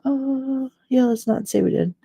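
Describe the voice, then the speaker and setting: A middle-aged woman hosts a casual live stream, talking straight to her chat viewers. She rambles through everyday stories, laughs often, and acts out the people in them. Her voice is warm and mellow. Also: sits high, measured pace, gravelly.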